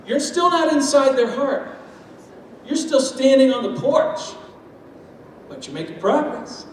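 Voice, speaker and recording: Man, high voice, animated speaker on stage, heard from far off in a big hall. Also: a little slow, a little hiss or hum. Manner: lively, uses homely food analogies and acted-out quotes. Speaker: speaker on step parenting. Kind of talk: talk with audience. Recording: echoey hall from far off, faint ambience.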